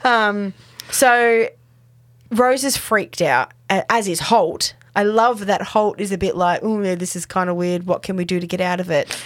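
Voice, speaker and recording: A woman's voice: mid-range voice, a little slow, no room sound. Chatty woman podcast co-host, dry sound. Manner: chatty, many fillers, acts out quotes. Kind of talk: casual recap chat.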